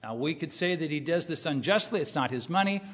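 A middle-aged man preaching a sermon, emphatic, repeating key phrases and rising in pitch when he quotes scripture. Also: animated, brisk, fairly bright tone. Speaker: pastor. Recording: muffled recording with long hall reverb.

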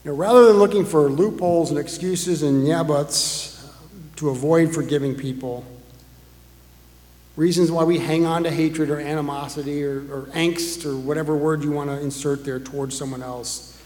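Male pastor, slightly higher voice, casual sermon delivery with rhetorical questions, big echoing church. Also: fairly even intonation, normal speed, a little mellow. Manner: conversational, asks the congregation rhetorical questions. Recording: echoey hall with long reverb.

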